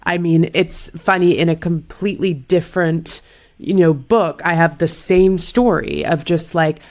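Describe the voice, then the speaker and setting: A woman hosting a podcast, chatting casually and affirming her guest with quick, supportive reactions. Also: fairly low pitch. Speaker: podcast host. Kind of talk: casual chat.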